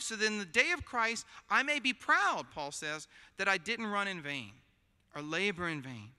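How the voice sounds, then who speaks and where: A man's voice: high voice, pushed and bright. A man preaching a sermon in a conversational, joking way, often checking in with his listeners by asking "right?". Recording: long hall reverb.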